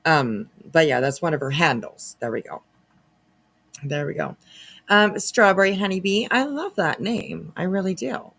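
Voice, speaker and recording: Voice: medium pitch, animated, normal speed, fairly bright tone. A host giving casual reaction commentary, chatty and sarcastic with laughing asides.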